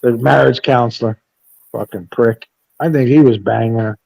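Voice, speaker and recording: A man's voice: mid-range voice, steady tone, normal speed, gravelly, a little mellow. A man in a casual live chat, telling stories in a blunt, profane, rambling way. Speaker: panel host.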